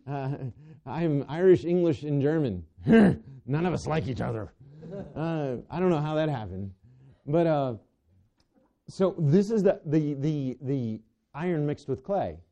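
Fairly high-pitched yet dark in tone, a man delivers a sermon a little slowly and with lively intonation. He questions his congregation rhetorically and repeatedly falters and begins his sentences over. The audio is dull and lo-fi.

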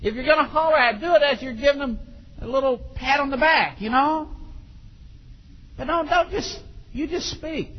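A man preaching a sermon on raising children, acting out parents and children and bursting into shouts. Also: extremely high pitch, normal speed, long pauses, muffled recording.

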